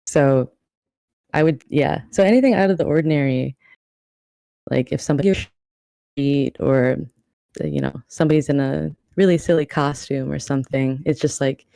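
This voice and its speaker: A woman's voice: low voice, moderate pace, creaky, long pauses, warm tone, dry recording, studio quality. A woman from the New York area, a cosplayer guest, chatting casually and rambling with many restarts. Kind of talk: casual podcast chat.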